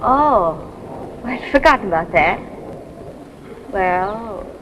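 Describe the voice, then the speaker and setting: A woman's voice: medium pitch, animated, lo-fi sound. A young grifter woman. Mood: exasperated. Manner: quick, exasperated back-talk. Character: young woman grifter, daughter of a con man. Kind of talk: 1930s film comedy acting. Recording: hissy 1930s film soundtrack.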